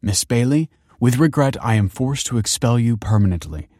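A man's voice: medium pitch, animated, moderate pace, darkish tone, no echo, studio quality, natural voice. A man reading a story aloud and voicing a stern woman school principal who speaks in a formal, officious way.

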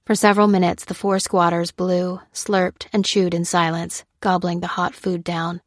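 A woman narrating an audiobook in a steady, measured storytelling voice. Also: lowish voice, no room sound, studio quality. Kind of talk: scripted narration.

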